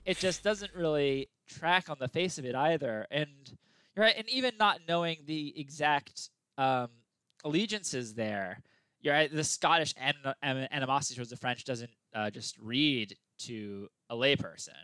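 A man co-hosts a casual podcast, agreeing easily and hesitating with fillers as he works through his thoughts. His voice is smooth, clear and bright. The recording is dry and close, with no room sound. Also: on the high side, lively intonation, moderate pace, no room sound. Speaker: podcast co-host.

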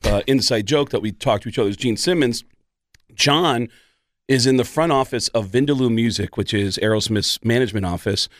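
A man's voice: medium pitch, normal speed, no echo, studio quality. A man, a comedian guest, telling stories in casual podcast chat and slipping into impressions. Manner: animated, slips into impressions.

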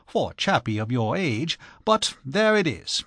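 A man voicing a cheerful young English gentleman who chatters in breezy upper-class slang. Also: mid-range voice, sing-song, measured pace, creaky, breathy edge, dry recording, clean studio sound, heavily acted. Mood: cheery.

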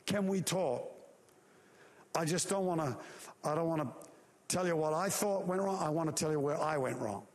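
A man pastor delivering a sermon as animated storytelling, driving home his points with emphatic rhetorical questions. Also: a little high, normal speed.

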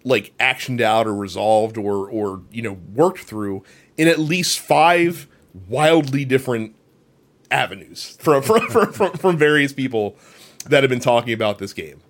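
A man co-hosting a gaming podcast, telling a long game story in a rambling, animated way, full of fillers and swearing. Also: mid-range voice, a little slow. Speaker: podcast co-host. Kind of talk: casual chat.

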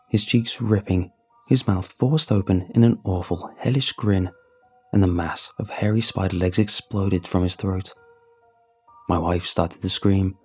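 A man telling a first-person horror story in a grim, measured way. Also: on the low side, a little mellow, husky. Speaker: narrator.

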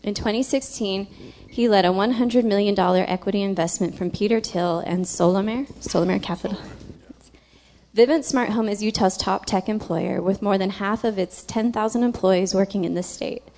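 A woman's voice: medium pitch, moderate pace, darkish tone. A woman hosting an interview, reading a guest's introduction and then asking questions with dry, wry asides. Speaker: interviewer, host.

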